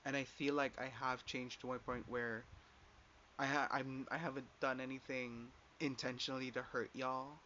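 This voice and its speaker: A man's voice: mid-range voice, little pitch movement, moderate pace, sharp tone. A young man telling a personal story in a casual rant, rambling with lots of filler and swearing as he quotes others. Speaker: podcast host. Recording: dull lo-fi sound with faint background noise.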